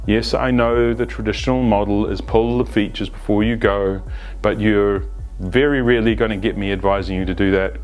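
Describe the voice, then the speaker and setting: A man gives an unscripted, conversational explanation as an agile coach, often restarting phrases and adding asides. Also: fairly low pitch. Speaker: agile coach presenting a video series. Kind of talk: unscripted instructional talk.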